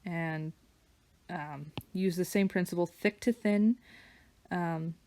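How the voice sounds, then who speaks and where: A woman artist chatting casually while she draws, wandering between stories and soft murmured asides about her work. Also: lowish voice, takes it slowly. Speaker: digital artist and vlogger. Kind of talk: casual chat while drawing. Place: home studio with her dog nearby.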